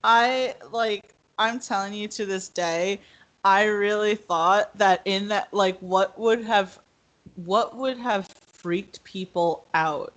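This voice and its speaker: A woman co-hosting a podcast in casual chat, animated, laughing often and acting out quotes. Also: medium pitch, takes it slowly. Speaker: podcast co-host.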